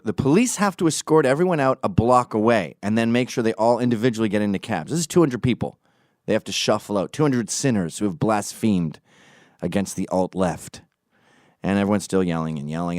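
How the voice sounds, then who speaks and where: A man's voice: lowish voice, brisk, darkish tone, no echo, studio quality. A man hosting a podcast, telling a story in a mocking, profane way and acting out the quotes. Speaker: podcast host. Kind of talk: casual storytelling monologue.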